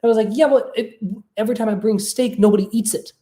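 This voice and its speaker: A podcast host speaking in a relaxed, conversational way, sprinkling in fillers and asking "right?" now and then. The host tells personal stories with animation and acts out both sides of remembered conversations. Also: mid-range voice, fast talker. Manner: animated storytelling, acting out quoted exchanges. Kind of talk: casual monologue.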